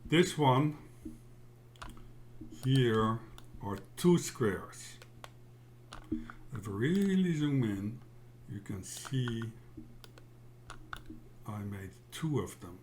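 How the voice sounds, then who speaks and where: A man teaching a software tutorial in a casual, halting way, often checking in with "yeah?". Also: mid-range voice, lively intonation, a little hiss or hum. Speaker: tutorial instructor. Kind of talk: casual screen-share tutorial.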